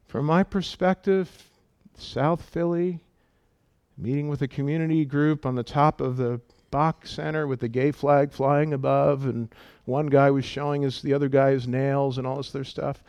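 A man's voice: fairly high pitch, darkish tone, no room sound. A man preaching a sermon with emphatic delivery, acting out quoted voices as he teaches. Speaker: pastor.

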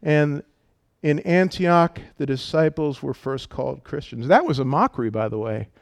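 A man's voice: fairly high pitch, animated, normal speed, vocal fry, no echo. A man preaching a sermon with emphatic delivery, acting out quoted voices as he teaches. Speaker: pastor.

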